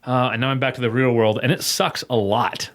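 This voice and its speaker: A man's voice: mid-range voice, fairly even intonation, fairly quick. A young man co-hosting a comedy podcast, chatting loosely and laughing often. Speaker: podcast co-host. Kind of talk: casual comedy podcast chat.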